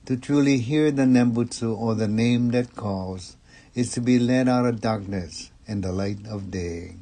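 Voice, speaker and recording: A man giving a Dharma talk as a Buddhist minister, measured and calm. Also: mid-range voice. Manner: slow, measured and calm delivery.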